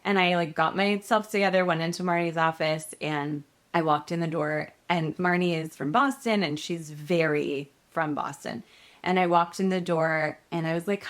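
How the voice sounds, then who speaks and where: A woman's voice: fairly low pitch, normal speed. A woman in her thirties, a guest actress, telling a story casually in an interview and acting out the voices of the people in it. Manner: animated storyteller, acts out quoted voices.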